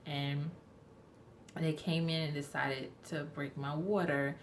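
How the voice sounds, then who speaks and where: A woman's voice: low voice, fairly even intonation, takes it slowly, slight background noise. A young woman telling a rambling, chatty storytime to her viewers, often correcting herself as she goes. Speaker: vlogger. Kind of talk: casual storytime vlog.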